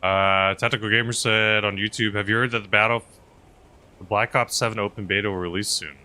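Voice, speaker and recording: A man streaming a game, chatting casually and rambling aloud, swinging between loud bursts and mumbled asides. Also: on the low side, steady tone, fairly quick. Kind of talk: casual live-stream commentary while playing.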